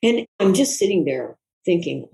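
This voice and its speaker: An older woman, a guest author, recalling a personal story in an interview in a reflective, soft-spoken, earnest way. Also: on the low side, sing-song, normal speed, gravelly, low-quality recording.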